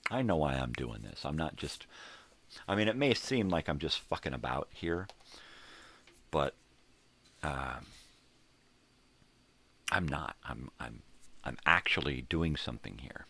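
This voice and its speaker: A man's voice: very deep voice, expressive, a little slow, creaky, long pauses, bright, forceful tone. An older man hosting a rambling, laid-back morning monologue, talking in a casual, profane way from a home room crammed with tapes and records. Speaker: host.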